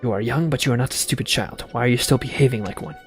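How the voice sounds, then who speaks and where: A man voicing a dragon in a frail human body, speaking stiffly and coldly in a quiet, formal way. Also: mid-range voice, fast talker, faint music behind, natural voice. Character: cold menacing dragon in a frail man's form. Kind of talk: reading a visual novel aloud.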